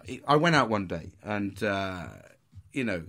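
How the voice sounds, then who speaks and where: A man's voice: on the low side, animated, a little slow, a bit bright. A man, telling stories casually and swearing a lot. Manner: swears a lot, puts on mock posh voices. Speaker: podcast host. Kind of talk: casual storytelling.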